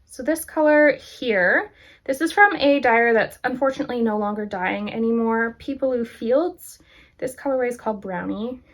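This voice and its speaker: Upbeat woman knitting vlogger showing off her stuff, kinda high voice, chatty, laughs a lot. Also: normal speed. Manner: chatty, enthusiastic, laughs often. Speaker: knitting podcast host. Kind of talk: casual show-and-tell chat.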